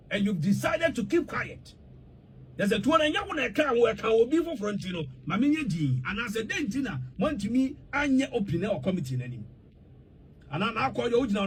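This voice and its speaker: Emphatic high-voiced Ghanaian man. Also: a little hiss or hum. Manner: emphatic, repetitive, mixes English with a local language. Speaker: political commentator. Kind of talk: heated spoken commentary.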